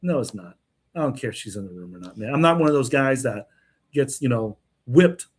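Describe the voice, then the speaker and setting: A man's voice: medium pitch, animated, fairly quick. A man hosting a casual livestream monologue, talking in a blunt, brash, swaggering way and tagging his lines with "man" and "okay?". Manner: repeats "man" and "okay?" as tags. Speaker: livestream host.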